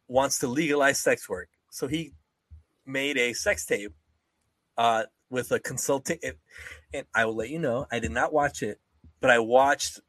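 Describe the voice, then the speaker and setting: A man's voice: mid-range voice, bright, forceful tone, no echo. A young man co-hosting a podcast, rambling and joking, swearing freely and mimicking people in casual chat. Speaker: podcast co-host.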